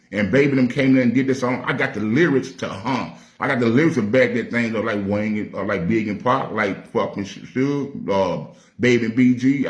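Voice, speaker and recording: A man's voice: medium pitch, echoey room. A man with a Nashville Southern accent, a rapper telling stories in a casual, streetwise and profane way, acting out the voices he quotes. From Nashville, Tennessee. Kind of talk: casual storytelling.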